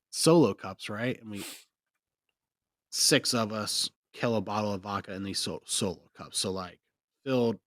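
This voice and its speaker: A man's voice: on the low side, fairly bright tone, dry recording, clean studio sound. A young man, co-hosting a podcast and rambling through a story with bursts of laughter. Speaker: podcast co-host. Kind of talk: casual storytelling chat.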